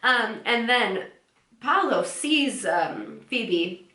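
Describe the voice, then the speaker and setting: A woman's voice: fairly high pitch, lively intonation, extremely slow, pushed and bright. A woman casually recapping episodes as a podcast co-host, chatty and giggly, often acting out quoted lines. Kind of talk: casual chat. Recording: echoey room.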